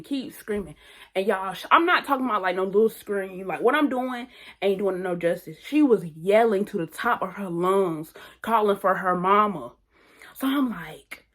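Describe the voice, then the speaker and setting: A young woman vlogger telling a story in a casual, animated and slangy way, often repeating phrases. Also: mid-range voice, moderate pace. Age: young adult.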